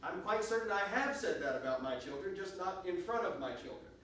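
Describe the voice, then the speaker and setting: High-voiced man teaching a church class. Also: expressive, a little fast, a bit bright, a little hiss or hum. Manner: emphatic, with frequent restarts and questions to the class. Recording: echoey room, recorded from a distance.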